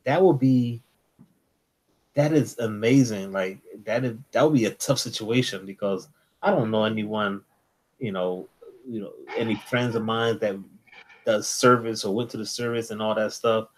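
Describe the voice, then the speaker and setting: A man's voice: fairly low pitch, moderate pace. A man co-hosting a casual comics chat, talking in a laid-back, slangy way full of "like" and "you know.". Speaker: comics podcast co-host.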